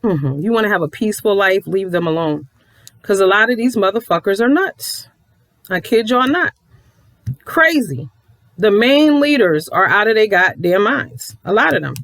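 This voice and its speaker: A woman's voice: medium pitch, animated, normal speed, a bit bright, no room sound. Blunt, profane woman ranting to viewers. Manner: blunt, profane, sassy, addresses viewers directly. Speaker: YouTube commentator.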